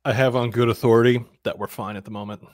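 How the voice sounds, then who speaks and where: A man playing his character in a tabletop role-playing game, playful and quick to laugh. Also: medium pitch, steady tone, no room sound, clean studio sound. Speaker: player.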